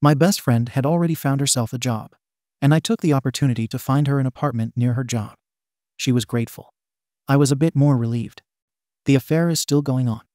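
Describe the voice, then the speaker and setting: Mellow-voiced male story narrator. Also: mid-range voice, fairly quick, no room sound, studio quality. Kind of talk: scripted narration of online posts.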